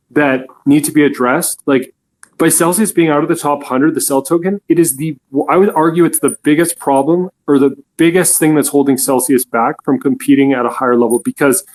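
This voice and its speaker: Rambling higher-voiced man on a call. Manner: rambling, repeats himself. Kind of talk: casual group call chat.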